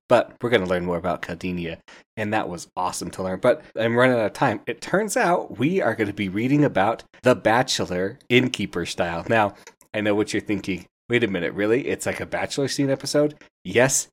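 A man with a low, deep voice hosts a book podcast. He talks through a spoiler review in a loose, chatty way. He laughs at the funny parts and slips into quoted lines from the characters.

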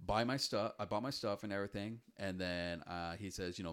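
Low-voiced man rambling in casual chat. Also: quick pace, hardly any pauses. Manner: rambling, many fillers and restarts. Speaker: podcast co-host.

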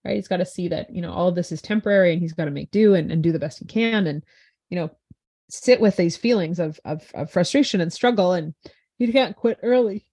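Tired, chatty young woman, low-pitched. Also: a little fast, dark tone, husky. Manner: chatty, tired and yawning, many fillers like "right" and "you know". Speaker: teacher and podcast co-host. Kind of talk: casual podcast conversation.

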